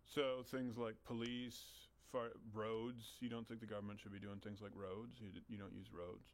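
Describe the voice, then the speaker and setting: A man's voice: on the low side, little pitch movement, moderate pace. Man posing challenging debate questions. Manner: challenging, probing.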